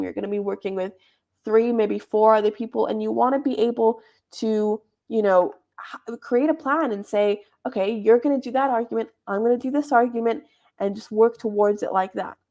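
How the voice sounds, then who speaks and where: Explaining debate judging criteria, a young woman runs a club workshop with an informal, talkative way of teaching. Her fairly high voice has vocal fry and a darkish tone.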